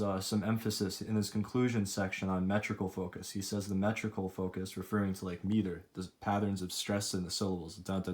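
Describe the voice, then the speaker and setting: Soft-spoken young man presenting research. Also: on the low side. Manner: thoughtful, hesitant with fillers. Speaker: student presenter. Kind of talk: academic presentation.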